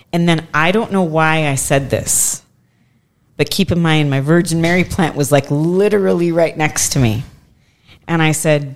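A woman in her forties telling a long personal story in a casual podcast chat, animatedly acting out what others said. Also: deep voice. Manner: animated, acts out quoted voices.

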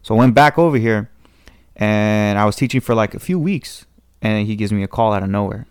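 A man's voice: on the low side, fairly quick, smooth, dry recording, studio quality. A young man with a Californian accent telling a long rambling story in casual chat, acting out the voices of people in it. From Southern California. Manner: rambling, with restarts and acted quotes. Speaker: podcast guest telling a story.

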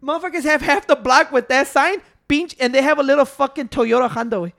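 A man's voice: very high voice, quick pace, vocal fry, fairly bright tone. A man, cohosting a podcast in casual, profane chat and telling stories. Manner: profane, storytelling with quoted voices. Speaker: podcast co-host.

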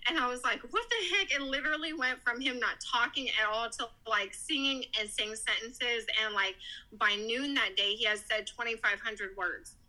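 A woman with a very bright, slightly high voice tells an emotional story as a podcast guest. She talks animatedly and acts out the people she quotes. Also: normal speed, rough recording. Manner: animated, quoting others in lively voices. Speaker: guest, mother.

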